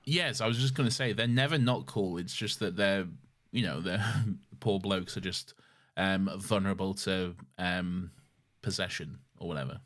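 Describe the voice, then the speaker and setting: A man's voice: low-pitched, moderate pace, fairly bright tone. A man co-hosting a podcast in casual, jokey chat, laughing often. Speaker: podcast co-host.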